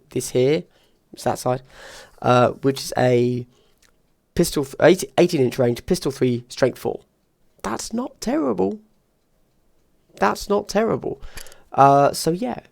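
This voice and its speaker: A man casually reviewing tabletop wargame rules, thinking out loud and weighing options with quick asides. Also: medium pitch, no echo, studio quality.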